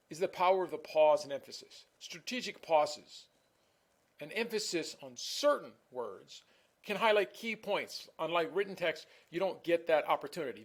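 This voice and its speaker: A man giving a recorded online class lecture in a conversational way, often repeating words and restarting phrases. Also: on the high side. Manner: self-admittedly talks fast.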